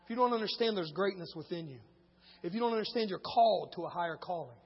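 A man preaching in a church with a very high, husky voice. He drops to quiet storytelling, then rises to shouted exhortation. The sound is dull and carries a long hall echo. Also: expressive, fast talker. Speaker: pastor. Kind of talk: sermon.

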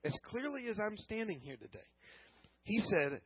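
A man preaching a sermon, telling a personal story earnestly, often repeating words and swinging from hushed to loud. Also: high voice, big pitch swings, normal speed, husky, no room sound, muffled recording. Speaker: pastor.

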